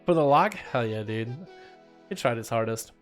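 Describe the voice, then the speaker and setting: A man's voice: medium pitch, moderate pace, faint music behind. An American man hosting a live game stream, calling duels and chatting jokily with viewers. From United States. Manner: energetic, chatty, jokey with viewers. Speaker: streamer and duel host. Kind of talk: live game commentary and chat.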